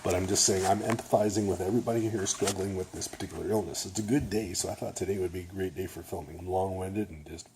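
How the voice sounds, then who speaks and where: A man's voice: deep voice, fairly even intonation, fast talker, few pauses, a little mellow, slight background noise. An older man, a retired nurse, talking casually to camera in a rambling way, a little nasal and often checking in with "okay?". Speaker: vlogger.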